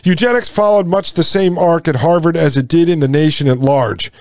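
A man's voice: a little high, fairly quick, darkish tone, dry recording, clean studio sound. A man hosting a commentary show, reading out passages and reacting with emphatic indignation to his listeners. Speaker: podcast host. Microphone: sunglasses on camera, studio mic.

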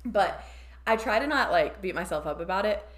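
A woman's voice: on the low side, expressive, moderate pace, reverberant. A young woman co-hosting a podcast, telling a story in casual chat with frequent giggles and acted-out quotes. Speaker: podcast co-host.

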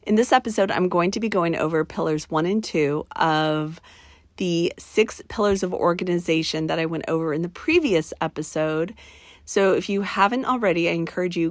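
A woman's voice: fairly low pitch, no echo, studio quality. A woman in her forties hosting her own podcast in a chatty, conversational way, her throat scratchy and a bit nasal. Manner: chatty and warm, with fillers and asides to listeners. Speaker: podcast host. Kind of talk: casual solo podcast chat.

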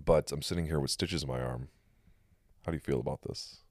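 A man with an extremely deep voice talks through a story in a casual podcast chat, getting animated and swearing freely as he goes. The sound is dry and close. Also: brisk, dry recording. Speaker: podcast host and pro wrestler.

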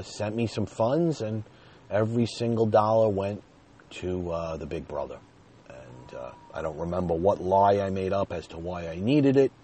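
A man's voice: deep voice, warm tone. A man telling a personal story in a chatty way, talking straight to his viewers and chuckling now and then.

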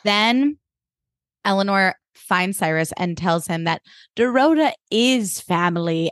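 A young woman of middling pitch, recapping a TV episode as a podcast co-host with playful sarcasm and quick asides. Her voice is recorded close and dry. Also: dry recording. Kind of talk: casual recap chat.

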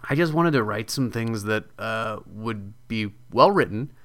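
Man, bright voice, smooth and crisp, casual interview guest, animated joking storyteller. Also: lowish voice, measured pace. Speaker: video game writer, guest.

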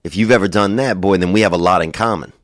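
A man's voice: low-pitched, fast talker, no room sound, clean studio sound. A young man telling rambling, profane comic stories, loose and digressive, full of "dude" and "you know". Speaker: comedian. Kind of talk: rambling stand-up style monologue.

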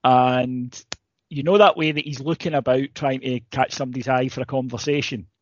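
A man with a Scottish accent, a podcast co-host telling stories in animated, casual chat. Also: mid-range voice, normal speed, no room sound. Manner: storytelling, animated, swears casually. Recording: slightly dull lo-fi, dry.

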